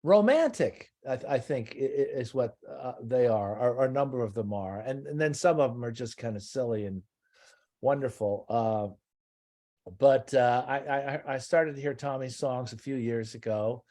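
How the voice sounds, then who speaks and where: Halting older man on a home video call. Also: medium pitch, mellow. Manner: halting, stammering restarts, wry understatement. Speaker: guest, singer-songwriter. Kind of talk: casual interview chat. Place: his house.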